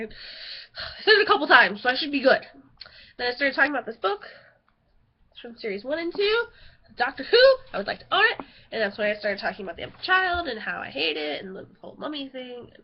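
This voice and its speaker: High-pitched young woman rambling on her vlog, giggly, kinda muffled lo-fi webcam audio. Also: big pitch swings, fast talker, a little hiss or hum. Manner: chatty, giggly, easily sidetracked. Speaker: vlogger.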